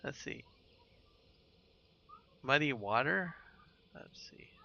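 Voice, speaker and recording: Slow, gravelly man streaming a game. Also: medium pitch, lively intonation, pushed and bright, lo-fi sound. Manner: laid-back, rambling, chats with viewers while playing. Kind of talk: casual live gameplay commentary.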